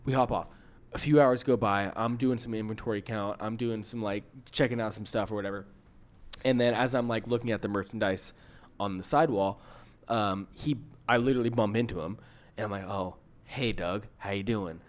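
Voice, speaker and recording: A young man co-hosting a podcast, telling an exasperated story in a casual, animated way, full of fillers. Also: fairly low pitch, a little fast. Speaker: podcast co-host.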